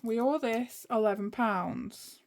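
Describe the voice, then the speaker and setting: This woman's voice sits on the high side and is creaky as she takes her time. She's a budgeting vlogger, chatting to herself while sorting cash at her home desk for a cash-stuffing session.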